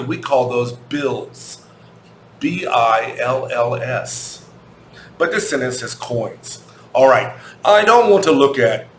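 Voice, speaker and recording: An American man gives a children's English lesson, speaking very slowly and repeating each question. He spells words out letter by letter. The recording has an echoey room sound with a faint hum behind it. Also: mid-range voice, a bit bright. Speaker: English teacher.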